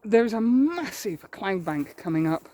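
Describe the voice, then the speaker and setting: A woman's voice: medium pitch, very animated, unhurried, warm tone. A woman photographer chatting as she walks through woodland, thinking aloud in a self-deprecating way. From England. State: a little out of breath while walking. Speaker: landscape photographer. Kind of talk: outdoor vlog narration. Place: outdoors in woodland.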